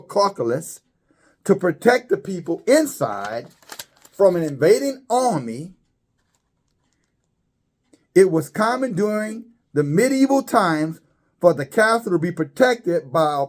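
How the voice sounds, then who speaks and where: This slightly mellow male voice offers religious commentary with hesitations and repeated words, going high in pitch on the points he stresses.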